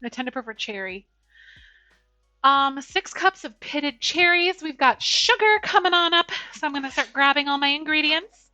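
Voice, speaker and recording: Speaking at a normal pace, the young woman keeps her cooking stream chatty, addressing viewers in an animated, bright, forceful voice. When she talks to her dog, it turns into a high baby voice. There's no room sound, just soft background music.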